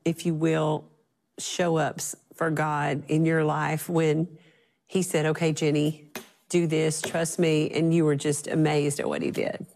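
A middle-aged woman with a very low voice hosts a relaxed faith conversation. She asks her questions slowly and thoughtfully, pausing on fillers as she searches for words. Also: gravelly, slight background noise. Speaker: host. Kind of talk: casual interview talk.

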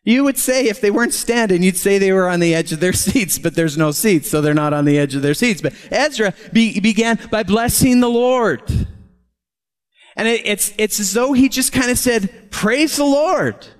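A man preaching a sermon as pastor, lively and chuckling often as he talks. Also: high-pitched, moderate pace, clean tone. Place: church. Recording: long hall reverb.

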